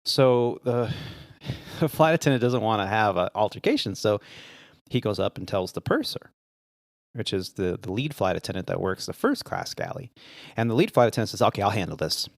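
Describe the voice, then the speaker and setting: A low, gravelly man with a lively, swooping delivery, telling a story on a podcast. He is recorded close on a dry studio mic and acts out the people in his tale. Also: normal speed, dry recording. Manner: animated joke-teller, voices the characters. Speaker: podcast co-host. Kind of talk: casual storytelling chat.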